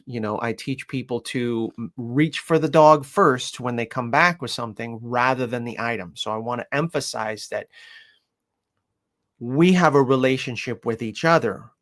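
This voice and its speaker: A man who trains dogs, talking casually with many fillers and restarts, and dropping into soft coaxing when he quotes himself talking to his puppy. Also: medium pitch. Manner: rambling, lots of fillers, coos softly when quoting himself to the puppy. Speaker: dog trainer. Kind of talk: casual talk to camera.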